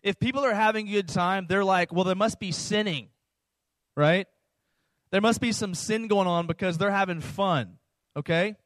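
Conversational pastor with a dry sound. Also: male voice, high voice, normal speed, fairly bright tone, dry recording. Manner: conversational, often asks "right?" and "okay?". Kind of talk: sermon.

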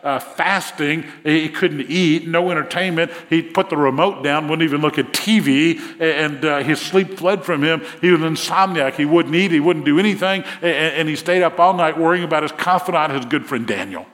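A man's voice: a little high, fairly quick, hardly any pauses, fairly bright tone, big-room sound. A man preaching a sermon, retelling a Bible story and acting out the king's words with rising emphasis. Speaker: pastor.

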